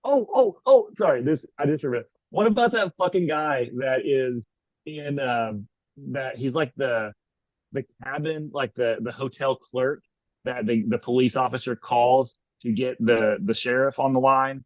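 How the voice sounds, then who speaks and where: A man co-hosting a podcast in casual chat, retelling scenes in a rambling, animated way with lots of "like"s. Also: medium pitch, a little slow, dry recording. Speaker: podcast co-host. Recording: dull lo-fi sound.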